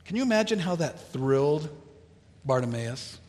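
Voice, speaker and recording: A man preaching a sermon, telling a Bible story in a slow, deliberate way with dramatic pauses. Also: on the high side, sing-song, a little mellow, long reverb tail. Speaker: pastor.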